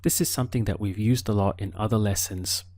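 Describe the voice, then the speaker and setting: A man teaching an audio language lesson, prompting the listener patiently and pausing for answers. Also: fairly low pitch, darkish tone, dry recording. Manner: slow, patient prompting with pauses for the learner.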